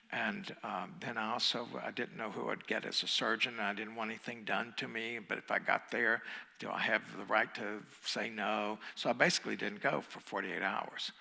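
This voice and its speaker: A meditation teacher, a man, tells a story during a dharma talk in an easy, conversational way, with small chuckles and restarts. His voice is bright but husky, and a long hall reverb trails behind it. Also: fairly low pitch. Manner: conversational, chuckling, restarts, drops to hushed emphasis.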